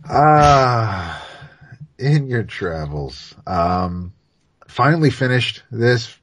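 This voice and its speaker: A man's voice: mid-range voice, sing-song, extremely slow, a bit bright, breathy edge, dry recording. A man co-hosting a comics podcast, chatting casually and hesitantly with many fillers and restarts. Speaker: podcast co-host.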